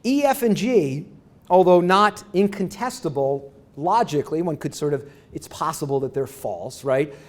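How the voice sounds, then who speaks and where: Speaking at a moderate pace in a fairly high, expressive voice, a middle-aged man lectures academically at a university. He restarts phrases as he rambles and often checks with the audience with a "right?"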